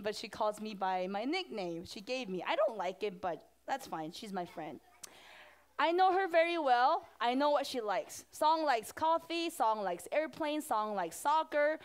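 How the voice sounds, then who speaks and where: High-voiced woman pastor talking to kids. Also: unhurried, clear, resonant tone. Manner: animated, asks the children questions. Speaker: children's pastor. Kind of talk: children's sermon.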